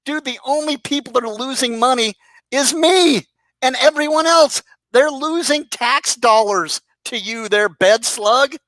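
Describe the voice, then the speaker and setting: In a dry recording with no echo, a man with a very high, fairly bright voice speaks at an unhurried pace. He's a commentary YouTuber tearing into another online figure in a sarcastic, expletive-filled roast.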